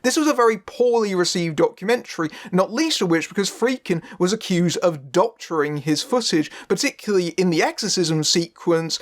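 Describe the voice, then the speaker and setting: A man narrating a scripted film review in a sardonic, wry way. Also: high voice.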